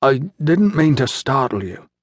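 A man voicing a hungry, beaten young man who speaks slowly and carefully, his words mangled by a swollen jaw. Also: on the high side, no echo, voice pushed up. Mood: pleading. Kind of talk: audiobook character reading.

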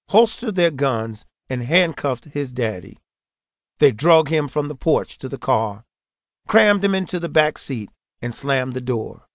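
A man narrating an audiobook in a steady, earnest way. His voice sits at an ordinary middle pitch. It is recorded close and dry, with no room sound at all. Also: measured pace, no room sound.

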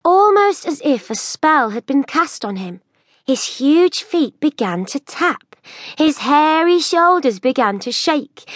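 A woman narrating a children's audiobook in an expressive storytelling manner. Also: high-pitched, no echo, studio quality.

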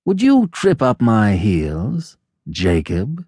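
A man's voice: sing-song, darkish tone, no room sound, studio quality. A man voicing a mocking, malicious young lord. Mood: sneering. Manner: slow, low, sneering. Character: young nobleman, the mocking, malicious elder brother. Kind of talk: audiobook character voice.

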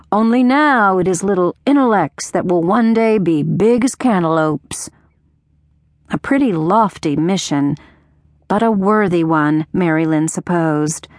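A woman narrates a novel in a gentle storytelling manner, shifting her voice for quoted characters. Her voice sits low for a woman. The close-miked studio recording is dry, with no room sound. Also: no room sound. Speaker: audiobook narrator. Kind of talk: scripted narration. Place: studio booth. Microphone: close studio mic.

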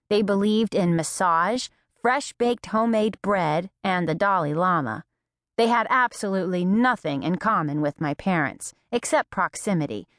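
A woman narrating an audiobook in a measured, reflective first-person voice. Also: mid-range voice, no room sound, clean studio sound.

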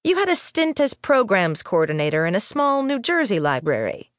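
A woman's voice: mid-range voice, sing-song, moderate pace, no room sound, clean studio sound, close to an everyday voice. A woman voicing a sullen, reluctant middle-aged female head librarian who speaks in a stiff, grudging way.

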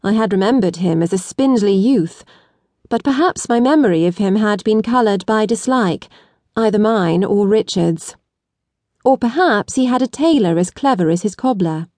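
A woman narrating an audiobook with a measured, deliberate reading. Her voice sits at a middle pitch. The recording is dry and close, with no room sound. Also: expressive, darkish tone, dry recording. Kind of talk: scripted narration.

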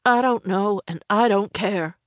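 A woman playing a defiant young woman in an audiobook. Her voice lifts higher and pushes hard with a sharp, insistent edge. The recording is close and dry. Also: big pitch swings, brisk, dry recording. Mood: angry, defiant. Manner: sharp and insistent, rising to shouts. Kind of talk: audiobook character voice.

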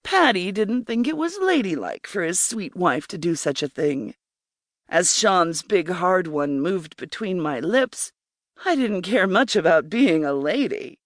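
A woman reads a first-person erotic story in a slow, breathy, intimate voice. Her pitch rises and falls expressively. The recording is dry and close, with no room sound. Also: sing-song, no room sound. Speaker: audiobook narrator.

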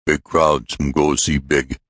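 A deep, booming giant, voiced by a man, low and heavy, talking in short slow chunks. The voice sits far below the narrator's own. The recording is dry and close. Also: little pitch movement, a bit bright, no room sound, exaggerated voice. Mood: blunt. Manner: slow, clipped phrases.

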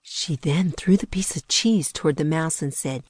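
A woman narrating a children's audiobook with lively storytelling and hushed whispers at tense moments. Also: low voice, normal speed, few pauses, slightly rough, dry recording, studio quality.

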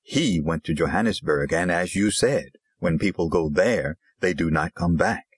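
Troubled old village pastor played by a man, grave, harsh, very deep, husky, audiobook. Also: wildly swooping pitch, measured pace, no room sound, studio quality, heavily acted. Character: troubled older Zulu village pastor, proud. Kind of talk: audiobook character reading.

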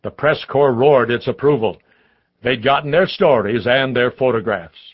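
A man reads a memoir aloud in a steady, measured first-person telling. His voice sits in the middle of the male range. The audiobook recording sounds somewhat dull and lo-fi. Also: mid-range voice, slightly rough. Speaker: audiobook narrator. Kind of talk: scripted narration of a memoir.

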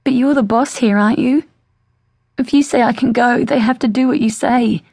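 A woman's voice: fairly high pitch, normal speed, creaky, darkish tone, no echo, studio quality, pitched above the performer's own voice. A woman voicing a young impostor who plays a timid, fragile victim in a small, pleading voice.

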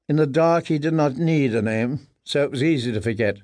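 A man narrating an audiobook in a measured, grave storytelling manner. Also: medium pitch, a little mellow, no echo, clean studio sound. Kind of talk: scripted narration.

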